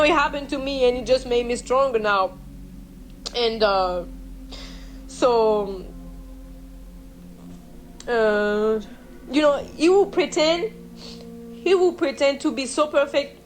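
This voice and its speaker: A young woman from France, telling a personal story in a vlog in an emotional, halting way with many restarts. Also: a little high, rough recording. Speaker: vlogger.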